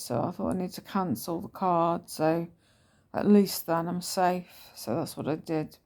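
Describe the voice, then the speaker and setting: A woman's voice: lowish voice, a little mellow. A woman telling a personal story in a casual, rambling vlog. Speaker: vlogger.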